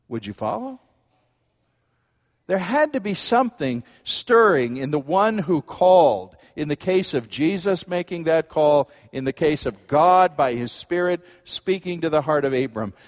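A middle-aged man preaching a sermon, swinging between quiet asides and emphatic bursts. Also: on the high side, in a large hall. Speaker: pastor.

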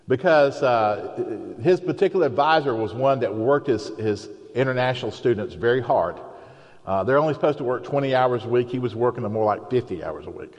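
A man's voice: mid-range voice, animated, moderate pace, darkish tone, dull audio. Man preaching in an echoing hall. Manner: conversational storytelling, with quoted voices. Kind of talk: sermon. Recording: long hall reverb.

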